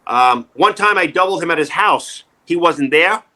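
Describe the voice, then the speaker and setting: A middle-aged man with a New York accent, telling jokey stories in a casual interview, animated and wisecracking. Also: on the high side, normal speed. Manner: animated, wisecracking, jumps into quoted voices. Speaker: actor and comedian, interview guest. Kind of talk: casual interview, joking storytelling.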